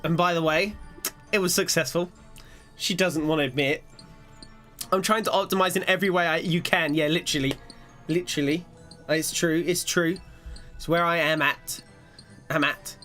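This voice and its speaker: A man's voice: on the high side, moderate pace, long pauses, soft background music. Rambling young man streaming games. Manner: rambling, self-mocking, animated. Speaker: gaming streamer. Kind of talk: live-stream chat while gaming.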